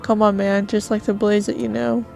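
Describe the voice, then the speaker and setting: A woman's voice: mid-range voice, little pitch movement, moderate pace, vocal fry, a little mellow, soft background music, close to an everyday voice. A woman reading a slangy stoner dude. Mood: laid-back. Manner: slangy, drawling surfer talk. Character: laid-back young male stoner dude. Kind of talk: reading game dialogue aloud.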